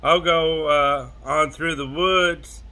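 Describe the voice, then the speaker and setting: A man's voice: fairly high pitch, fairly even intonation, slow pace, bright, forceful tone, exaggerated voice. A man voicing a puzzled, easygoing cowboy in a told joke, speaking hesitantly with fillers.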